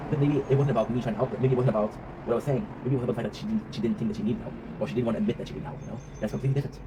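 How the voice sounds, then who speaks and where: Rapid-talking man, rambling vlog monologue. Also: medium pitch, steady tone. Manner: rambling, reflective, swears freely, often tags "right?". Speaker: vlog host. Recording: noisy ambient background.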